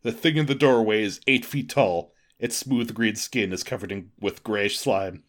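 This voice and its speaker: A man's voice: on the low side, moderate pace. A man co-hosting a comic podcast, reading a gamebook aloud with wry asides. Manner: wry, amused. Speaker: co-host, reader.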